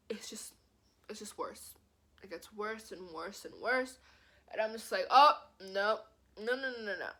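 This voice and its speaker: A young woman vlogger telling a personal story in a casual, animated way, filling her speech with "like". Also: medium pitch. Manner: animated, says "like" constantly. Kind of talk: storytime vlog.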